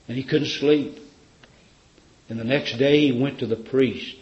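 A man's voice: medium pitch, animated, unhurried, darkish tone, reverberant, highs cut off. Fervent storytelling preacher man. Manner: fervent storytelling, rhetorical questions. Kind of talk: sermon.

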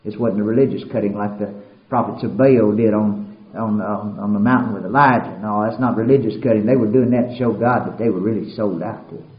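A man preaching a sermon, swinging between loud impassioned passages and quiet somber ones. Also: on the low side, fairly even intonation, brisk. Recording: roomy, dull lo-fi recording.

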